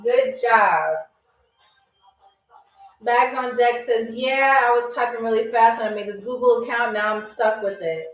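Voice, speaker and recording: A woman hosting a live-streamed game show, teasing viewers and reading their comments aloud, and saying foreign phrases very slowly. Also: fairly high pitch. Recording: roomy, mic at a distance, faint music.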